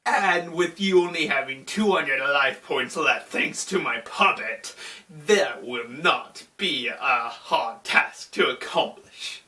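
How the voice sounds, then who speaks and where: A man doing a low, menacing god of the dead. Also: slow, pushed and bright, far from the mic. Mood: gloating. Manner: grandiose, threatening villain lines. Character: menacing ancient jackal-headed god of the dead, male.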